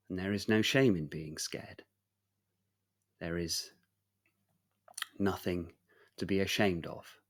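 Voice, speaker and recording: Man voicing a tired gentle knight, deep voice, slow, soothing, hushed. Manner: calm, reassuring, hushed. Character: weary, gentle protective male knight.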